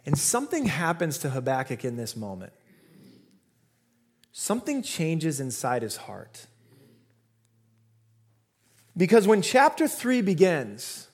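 A male pastor giving a sermon, retelling scripture in an animated, casual way. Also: sits high.

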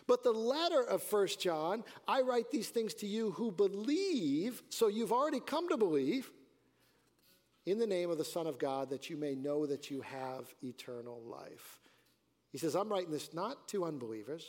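A man's voice: high-pitched, big pitch swings, normal speed. A man preaching a sermon as pastor, earnest, with rising and falling emphasis. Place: church sanctuary. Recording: church hall reverb.

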